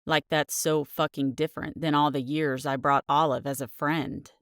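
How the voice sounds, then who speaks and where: A woman's voice: low-pitched, steady tone, normal speed, dry recording, clean studio sound, voice pushed down. A woman voicing a blunt, crude, grumbling young male football player as he narrates an audiobook chapter. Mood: brooding, sour.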